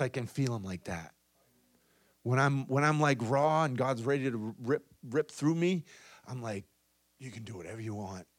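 A man preaching with charismatic fervor, rising to loud calls and then dropping to hushed, intimate tones. He keeps tossing out "come on" and "right?" to his listeners. His voice sits at a middle pitch and sounds dry and close. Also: dry recording. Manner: swings from loud exhortation to low, soft intimacy; peppers talk with "come on" and "right?". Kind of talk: charismatic sermon.

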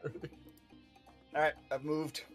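A man's voice: fairly high pitch, flat delivery, unhurried, over loud music. A man playing in a tabletop game, hesitant and thinking aloud as he picks his moves. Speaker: player.

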